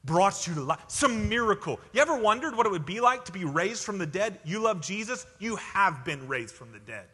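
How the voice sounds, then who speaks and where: A man preaching a sermon, emphatic, dropping from loud declarations to hushed lines. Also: high-pitched, sing-song, brisk, few pauses, husky. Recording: hall reverb.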